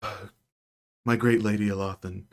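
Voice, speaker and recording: A man's voice: fairly low pitch, little pitch movement, moderate pace, darkish tone, lightly acted. A man voicing a timid young girl whose voice trembles with emotion. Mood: trembling.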